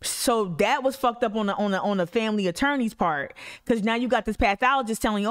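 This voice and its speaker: A woman gives casual commentary as she reads news stories aloud, stopping often to vent in blunt, profane asides. Her voice is smooth and clear, set at a middle pitch. She swings between animated bursts and low, mumbled reading. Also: moderate pace. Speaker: activist commentator.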